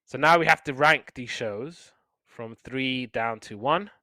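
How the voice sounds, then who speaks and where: A man's voice: medium pitch, unhurried, sharp tone, no room sound. A man chattily recapping cartoon episodes, often acting out the characters' lines. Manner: chatty, acts out lines in quotes. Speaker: podcast co-host.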